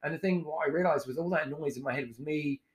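A man's voice: on the high side, fast talker, a loud crowd. A man in his forties, a chef and podcast guest, telling his story frankly and emotionally, swearing freely and acting out old conversations.

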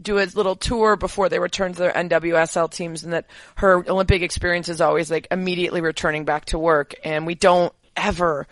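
A woman's voice: on the low side, fairly even intonation, brisk, dry recording. Woman podcast host, dry close sound. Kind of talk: casual interview chat.

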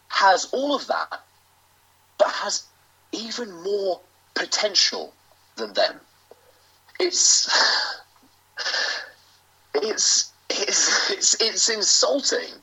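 A British man, a professional wrestler, delivering a grandiose, self-aggrandizing in-character promo with theatrical pauses. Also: high voice, pushed and bright, breathy edge. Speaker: professional wrestler, interview guest. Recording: lo-fi dull audio.

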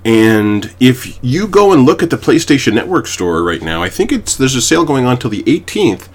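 A young Canadian co-host on a podcast tells long, rambling stories stuffed with fillers in a casual chat. His mid-range voice is sing-song and breathy-edged, moving at a moderate pace.

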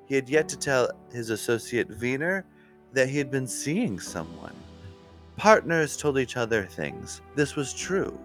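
A man narrating a mystery story in an unhurried, expressive way. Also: medium pitch, faint music behind.

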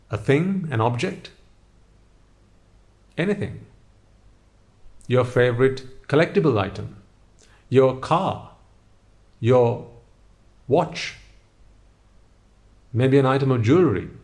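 A man's voice: mid-range voice, darkish tone. A man giving a motivational talk, speaking straight to the listener with a stream of rhetorical questions.

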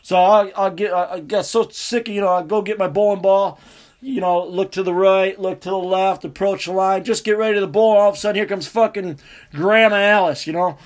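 Foul-mouthed guy with a high voice. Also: brisk. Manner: profane, animated, laughing storyteller. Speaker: storyteller. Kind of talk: casual rambling anecdote.

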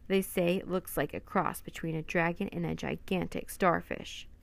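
A woman's voice: lowish voice, steady tone, normal speed, creaky. A woman voicing a boisterous male sailor who teases the children in old sailor's talk. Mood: teasing.

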